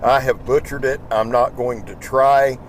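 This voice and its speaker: A Southern YouTube knife channel host, sounding tired, rambles unhurriedly while driving his pickup, his mid-range voice fairly even in intonation. The chat is casual, folksy and full of swearing, recorded by a small microphone in the truck with a little hiss or hum.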